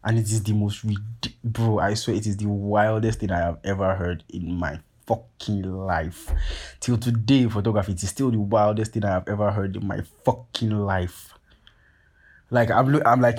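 Husky-voiced man telling a story. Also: fairly low pitch, moderate pace. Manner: profane, animated, heavy filler "like" and "you get what I'm saying". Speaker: podcast host. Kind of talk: casual storytelling.

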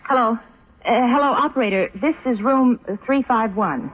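Soothing, practical friend. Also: female voice, a little high, slightly rough. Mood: brisk. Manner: soothing yet brisk and practical. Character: practical, caring young woman friend. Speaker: supportive friend. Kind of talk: old-time radio drama acting. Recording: tinny old radio broadcast.

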